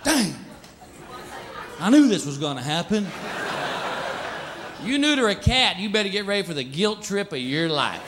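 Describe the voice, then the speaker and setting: A man doing stand-up comedy with punchy, animated storytelling. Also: sits high, normal speed, pauses often, a crowd in the background, background noise.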